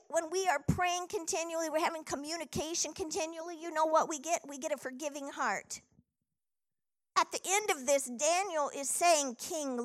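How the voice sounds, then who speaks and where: Animated high-voiced woman preaching. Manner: animated storytelling, reads scripture aloud. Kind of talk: sermon.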